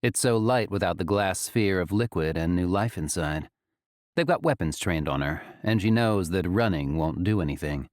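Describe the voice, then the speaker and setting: A man narrating an audiobook in an expressive, dramatic way. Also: low-pitched, moderate pace, no room sound, clean studio sound.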